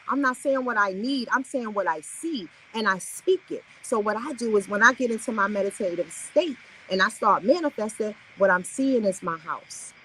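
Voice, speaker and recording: A woman's voice: a little high, a bit bright, slight background noise, low-quality recording. A woman hosting a live affirmation stream, giving an upbeat, preachy motivational talk and chatting with her viewers.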